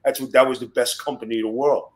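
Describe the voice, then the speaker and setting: A man in his fifties, a former wrestler, swaggers through casual podcast stories. His delivery is blunt and heavy with profanity, and his voice sits at an ordinary middle pitch. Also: steady tone, quick pace, low-quality recording.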